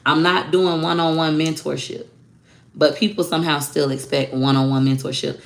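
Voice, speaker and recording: Blunt, gravelly-voiced woman talking casually. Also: low voice, moderate pace. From Florida. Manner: blunt, animated, outspoken. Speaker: online social media course teacher. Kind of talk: casual livestream talk.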